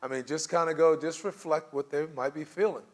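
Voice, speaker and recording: A man leading a church group discussion, animated and often laughing, acting out sample replies. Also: on the high side, a little fast. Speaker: church class leader.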